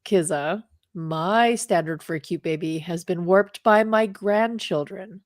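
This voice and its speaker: A woman's voice: fairly low pitch, measured pace, dry recording, studio quality. A middle-aged woman co-hosting a casual chat, telling stories in an emphatic, chatty way. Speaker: podcast co-host.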